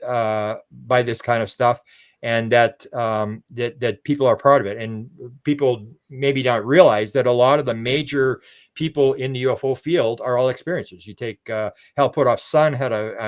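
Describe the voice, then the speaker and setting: An older man from Canada, a guest researcher in a casual interview, telling long rambling stories, repeating words and acting out voices he quotes. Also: medium pitch.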